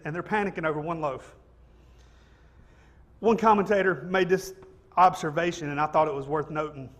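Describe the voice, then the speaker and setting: A preacher delivering a conversational sermon in a church. His voice sits high for a man, and he keeps it light and jokey, tossing in "right?" to keep the room with him. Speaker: pastor. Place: church sanctuary.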